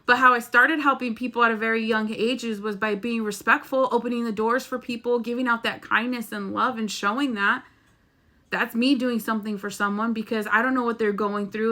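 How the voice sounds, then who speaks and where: A woman's voice: on the high side, steady tone, normal speed, sharp tone. A woman talking earnestly and emotionally to her viewers in a casual spiritual vlog, rambling and swearing now and then. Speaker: spiritual vlogger. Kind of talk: heartfelt casual monologue.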